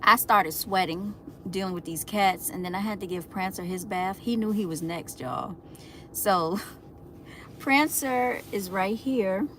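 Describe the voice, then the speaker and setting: A chatty woman talks casually to her viewers, laughing often and calling them y'all. Her pitch sits in an ordinary middle range. A faint hiss of background noise stays under her voice. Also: a little slow, fairly bright tone. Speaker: livestream host.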